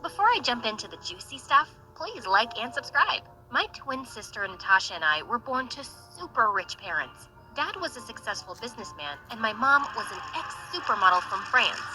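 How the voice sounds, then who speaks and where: A young woman narrating an animated story in a chatty, wry way, with faint music behind. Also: a little high, normal speed, few pauses, low-quality recording.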